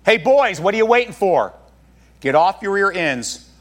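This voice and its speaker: A man preacher voicing an exasperated elderly father who gruffly scolds his grown sons to get moving. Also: sits high, big pitch swings, moderate pace, fairly bright tone, voice pushed up. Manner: gruff, impatient, mocking.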